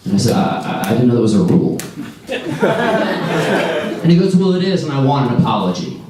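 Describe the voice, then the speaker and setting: A man in his forties doing a stand-up comedy set, wry and deadpan with lively storytelling. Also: a little high, normal speed, long pauses, slight background noise. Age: 40s. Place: comedy club stage. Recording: echoey club sound from a distance. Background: audience laughter.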